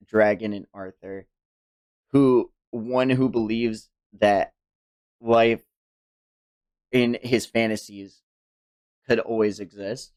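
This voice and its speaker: A young adult speaker eagerly retelling anime scenes in casual podcast chat. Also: medium pitch. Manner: excitable storyteller retelling scenes. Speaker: anime reviewer.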